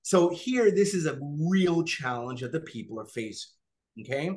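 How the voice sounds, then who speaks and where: A man leads a Bible study in a fairly high voice that swings widely in pitch. He keeps asking his listeners "right?" and acts out what people would say. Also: normal speed. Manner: animated, checks in with listeners often. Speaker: Bible teacher. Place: online class, remote listeners.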